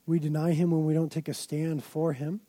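A man preaching a sermon in a fairly high yet mellow voice. He tells his stories dramatically, piling up emphatic phrases, and the recording is dry and close. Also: little pitch movement, normal speed, no echo. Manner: dramatic storytelling, emphatic build-ups. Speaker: pastor.

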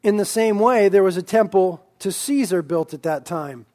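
A man preaching a sermon as pastor, with emphatic, drawn-out lines that swing between loud declarations and quiet asides. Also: high voice.

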